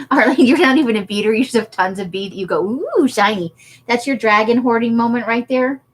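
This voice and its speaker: A woman's voice: on the high side, brisk. A woman chatting casually on a craft livestream, laughing often as she answers viewer comments. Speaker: livestream host.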